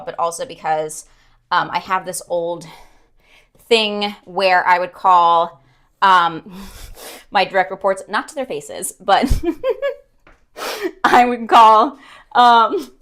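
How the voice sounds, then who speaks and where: Giggly young woman rambling on her stream, lots of ums, middle pitch. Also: a bit bright. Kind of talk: casual chat on a stream.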